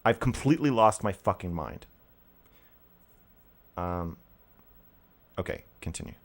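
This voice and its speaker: A man hosting a call-in stream, ranting in casual, exasperated talk that swears often, flaring loud and then dropping low. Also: expressive, unhurried.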